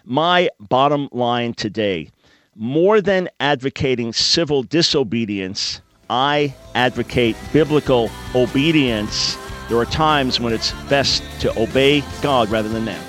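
A man's voice: medium pitch, unhurried, a bit bright, faint music behind. A man hosting a call-in talk radio show, explaining points in a teaching, emphatic way with everyday analogies.

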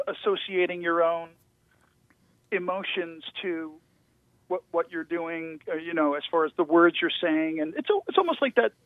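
A man, a guest actor, telling stories over the phone in a casual interview, with animated storytelling and stammering restarts. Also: fairly high pitch, normal speed, dry recording. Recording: tinny phone line.

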